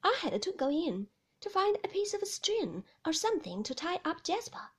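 A woman's voice: very high voice, very animated, normal speed, pitched above the performer's own voice. A woman reading the part of a shy young woman who asks eager, nervously curious questions in a storybook reading.

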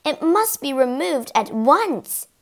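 A woman voicing an anxious, fussy mother who exclaims in a high, flustered way. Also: animated, moderate pace, dark tone, natural voice.

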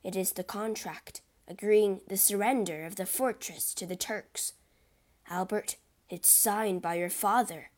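A woman voicing a worried male journalist who speaks gravely and steadily. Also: mid-range voice, measured pace, darkish tone, natural voice. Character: worried journalist friend, a man.

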